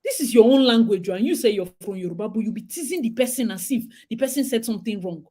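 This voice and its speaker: A Nigerian woman co-hosting a talk show, chatting in a lively, dramatic way with frequent laughs and asides. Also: a little high, fast talker. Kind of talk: casual chat.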